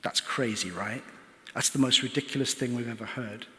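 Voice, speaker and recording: A man's voice: mid-range voice, moderate pace, pushed and bright. A man preaching a sermon, retelling a parable earnestly and asking rhetorical questions. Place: church. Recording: church hall reverb.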